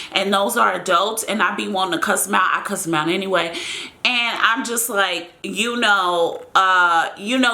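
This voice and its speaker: A woman's voice: mid-range voice, bright, forceful tone. A young American woman chatting casually to her viewers as she answers their questions in a vlog, rambling and calling them y'all. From United States.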